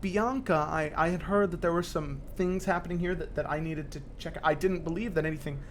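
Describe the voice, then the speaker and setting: A man voicing a hesitant female town mayor who speaks haltingly. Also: fairly high pitch, slight background noise, close to an everyday voice.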